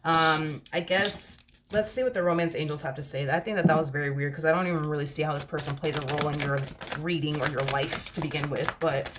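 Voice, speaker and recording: A woman's voice: sits low, a bit bright. A woman giving a casual tarot reading, chatty and rambling, full of fillers. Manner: chatty, rambling, many fillers and "you know". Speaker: tarot reader.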